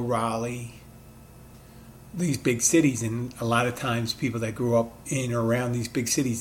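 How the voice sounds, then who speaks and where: A man with a mid-Atlantic accent carrying hints of Philadelphia, speaking at a middling pitch in a loose, rambling monologue. He thinks aloud and restarts his sentences often. A faint hiss of noise sits behind him. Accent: mid-Atlantic American with Philadelphia touches. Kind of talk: casual monologue.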